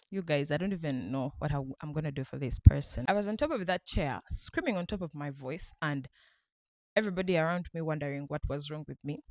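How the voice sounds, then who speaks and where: A woman vlogger from Uganda excitedly retelling a night out, laughing often as she talks. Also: low voice, brisk, no room sound. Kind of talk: casual storytelling vlog.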